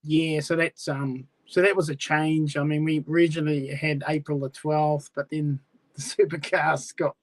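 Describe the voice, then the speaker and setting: A New man talks easily as a guest on a chat show, filling his answers with "yeah" and "you know". His voice sits a little higher than most men's. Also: little pitch movement, moderate pace. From New Zealand. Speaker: speedway club guest. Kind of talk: casual interview answers.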